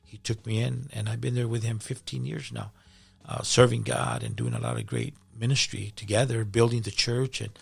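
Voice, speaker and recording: Gravelly-voiced male pastor telling his testimony. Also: mid-range voice, animated, moderate pace. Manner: emotional, repeats words when moved. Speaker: pastor, podcast guest. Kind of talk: personal testimony in conversation.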